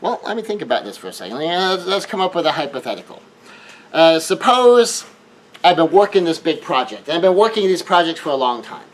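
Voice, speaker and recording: High-voiced earnest man giving advice. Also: big pitch swings, low-quality recording. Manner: earnest, repeats words when rushing, acts out quoted scenes. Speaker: relationship advice speaker. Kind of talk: monologue advice talk.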